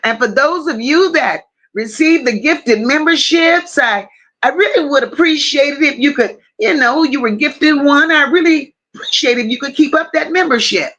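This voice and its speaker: Bright-voiced woman greeting a livestream chat. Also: high voice. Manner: warm drawn-out greetings with endearments; reads viewer comments aloud. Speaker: livestream host.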